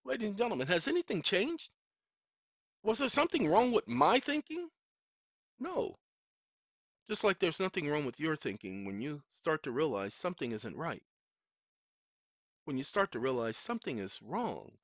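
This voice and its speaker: A man's voice: very animated, normal speed, long pauses, no room sound. A man giving an impassioned, preachy monologue to camera, full of rhetorical questions to his audience. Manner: swings between loud outbursts and low, hushed stretches. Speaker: video blogger. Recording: dull, dry lo-fi recording.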